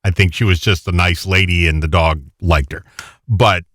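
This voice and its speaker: A man's voice: sits low, fairly even intonation, normal speed, a bit bright, no room sound. A man co-hosting a show, chatting casually and making dry, skeptical remarks. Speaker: co-host. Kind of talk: casual chat.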